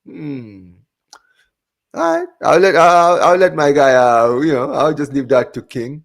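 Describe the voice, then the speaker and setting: Lively male watch-along host, high voice. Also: measured pace, gravelly. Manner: reads out viewer comments, banters with co-hosts, says "man" and "bro" a lot. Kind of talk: casual live-stream chat.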